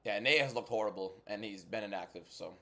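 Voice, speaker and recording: With a lowish, brisk voice and noticeable vocal fry, an MMA creator hosts a laid-back fight watchalong livestream, bantering bluntly with chat. He alternates between a hushed inside voice and loud, hyped energy.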